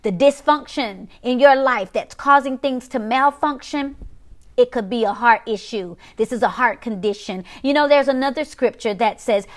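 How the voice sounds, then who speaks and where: A woman with a somewhat high voice delivers a live-streamed sermon. She repeats her main phrases for emphasis, drags out the key words, and keeps turning to greet and thank the viewers who are watching. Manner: repetitive, emphatic, drawn-out preaching with call-outs to viewers. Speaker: preacher hosting a live stream.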